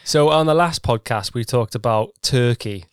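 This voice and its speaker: A man's voice: mid-range voice, normal speed, clean tone, dry recording, studio quality. A man co-hosting a podcast in casual, playful chat. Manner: playful, teasing. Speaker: podcast co-host.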